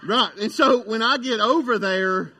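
Male pastor, chatty storytelling sermon, high and bright delivery. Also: measured pace. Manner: folksy, conversational, says "y'all" and "right?" often. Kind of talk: casual sermon.

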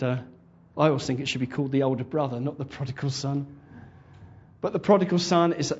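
A man's voice: fairly high pitch, a little mellow, husky. A man preaching a conversational sermon and retelling a parable, often restarting his words. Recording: dull lo-fi sermon recording.

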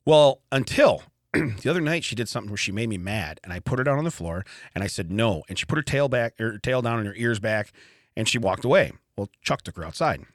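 A man's voice: lowish voice, fairly quick, no room sound, studio quality. A middle-aged man co-hosting a podcast, telling stories in a casual chat and laughing often. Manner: animated storyteller, laughs often. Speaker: podcast co-host. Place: podcast studio.

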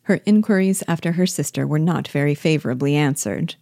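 A woman reading a classic novel aloud in a measured, clear storytelling manner, lightly shading the characters' lines. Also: sits low, mellow, no room sound, clean studio sound. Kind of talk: audiobook-style literary reading.

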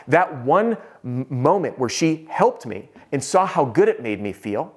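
A man teaching sales, telling a self-deprecating story in an animated, conversational way. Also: mid-range voice. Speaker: sales trainer.

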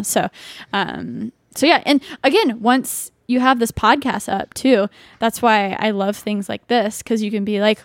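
A young adult woman chatting casually as a podcast guest, full of filler words and lively asides. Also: mid-range voice, unhurried, no room sound, clean studio sound. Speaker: podcast guest and video creator. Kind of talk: casual conversational chat.

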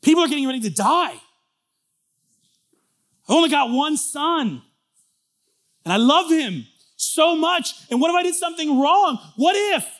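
Brief: preacher playing a nervous ancient Hebrew man, high-voiced, stammering, full of worried questions. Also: lively intonation, a little fast, a bit bright. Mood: nervous, fretful.

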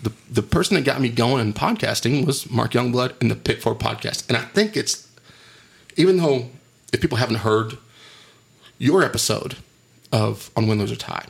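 A man's voice: medium pitch, animated, vocal fry, husky. A man hosting a podcast, chatting casually in a joking, rambling way. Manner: joking, rambling, quick to laugh. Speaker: podcast host.

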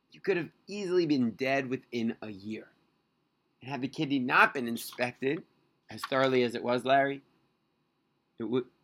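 A man voicing a calm, kindly male surgeon who explains things in a measured, reassuring way, in a storybook reading. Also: medium pitch, natural voice.

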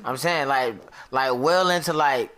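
A young man telling stories in a casual chat, full of slang fillers and animated asides. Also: medium pitch, measured pace, a crowd in the background. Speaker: podcast co-host.

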